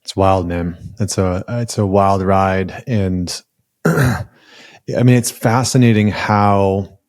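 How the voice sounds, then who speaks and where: A man hosting a podcast interview, responding in a slow, reflective way. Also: deep voice, steady tone, darkish tone, no echo, clean studio sound. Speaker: podcast host. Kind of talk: interview conversation.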